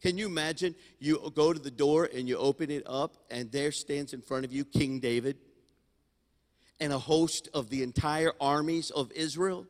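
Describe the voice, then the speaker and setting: Male pastor preaching a sermon, animated storyteller, fairly high voice, long church reverb. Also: moderate pace. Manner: animated storytelling, swinging loud to quiet. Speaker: senior pastor. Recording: long hall reverb in a sanctuary.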